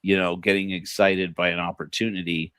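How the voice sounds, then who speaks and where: Low-voiced rambling man on a livestream. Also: little pitch movement, a little fast, fairly bright tone, clean tone, no echo. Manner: rambling, many fillers and restarts, chuckles often; quotes people in put-on voices. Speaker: podcast host. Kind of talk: casual livestream monologue.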